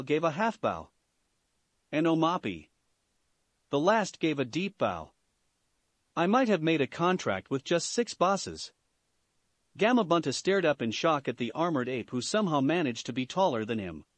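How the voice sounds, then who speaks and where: A man's voice: on the high side, dry recording. A man narrating a fan fiction story into a close mic, steadily, sometimes repeating a word. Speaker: story reader.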